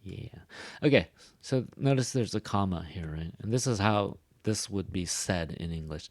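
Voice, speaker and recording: A man explaining pronunciation to a class in a loose, chatty way, his voice sitting on the low side. He leans on fillers and keeps checking in with the listeners. The sound is close and dry, with no room around it. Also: animated, a little slow, vocal fry, breathy edge, no room sound. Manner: casual, exaggerates intonation for demonstration; frequent fillers and tag "right?". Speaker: ESL pronunciation teacher. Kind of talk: recorded classroom lecture.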